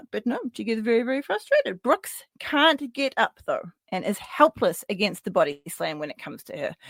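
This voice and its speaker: A woman hosting a podcast, recapping wrestling matches in a casual, lively way, with frequent swearing and fillers. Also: a little high, no room sound. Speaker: podcast host.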